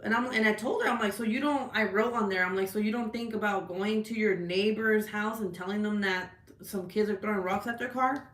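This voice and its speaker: A woman's voice: mid-range voice, a little fast. Swearing woman vlogger in an echoey room. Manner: animated, heavy swearing, lots of "like" and "right?". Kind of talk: casual storytelling rant. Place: at home.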